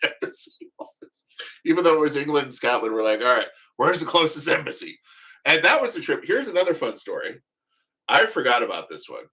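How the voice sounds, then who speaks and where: A man's voice: on the low side, sharp tone. A man hosting a casual livestream, telling rambling, joking, profane stories. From United States. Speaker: livestream host.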